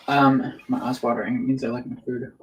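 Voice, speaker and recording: A man's voice: mid-range voice, little pitch movement, normal speed. A man chatting casually on a live stream over a meal, telling a story in a gossipy way. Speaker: livestream co-host. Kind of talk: casual chat while eating.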